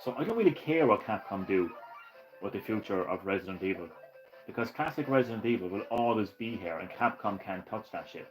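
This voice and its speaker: A man streaming retro games live, ranting and swearing with bursts of excitement and laughter. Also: fairly low pitch, fairly quick, soft background music, poor audio. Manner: ranting, profane, excitable, laughs at own jokes. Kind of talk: casual live-stream chat.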